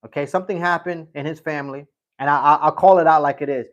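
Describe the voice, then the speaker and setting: Middle-aged male streamer, casual and rambling, reads chat aloud, repeats phrases, voice a bit high. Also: fairly even intonation, fast, dull audio. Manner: rambling storyteller, repeats himself. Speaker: livestream host reading chat.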